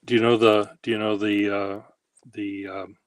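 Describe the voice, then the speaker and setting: A man chatting casually, telling meandering, halting anecdotes as the host. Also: fairly low pitch, little pitch movement, no room sound. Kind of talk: casual rambling chat.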